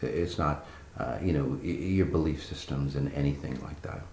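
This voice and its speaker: A man's voice: extremely low pitch, steady tone, normal speed, gravelly, a little mellow, echoey room, slight background noise. A man giving a spiritual meditation talk, blunt and profane, with many fillers and restarts between breathing cues. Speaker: spiritual teacher.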